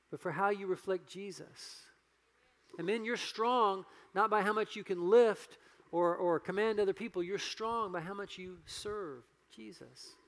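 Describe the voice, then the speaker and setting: A male pastor with a notably high voice delivers an earnest sermon, pressing his points with growing passion. The sound rings with the long reverb of a large church hall. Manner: earnest, building to loud passionate preaching.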